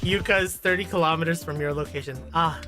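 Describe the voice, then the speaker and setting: Female game streamer, bright, sharp tone; casual and excitable, reads on-screen dialogue aloud, swears easily. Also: sits low, fast talker, soft background music. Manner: animated, gushing, swears casually. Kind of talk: casual gaming livestream, reading game text aloud.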